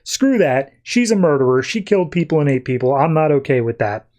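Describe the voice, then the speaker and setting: A man's voice: fairly high pitch, very animated, fairly quick, a little mellow. A podcast host quoting a flippant young male hero in an offhand, joking way, close to his own voice.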